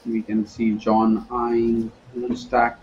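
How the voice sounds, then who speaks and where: A man's voice: mid-range voice, completely flat delivery, takes it slowly, a little mellow, lo-fi sound, a little hiss or hum. A man calling a live poker broadcast, mixing play-by-play with playful banter. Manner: playful, joking banter between hands. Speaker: poker commentator. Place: commentary booth at a poker event.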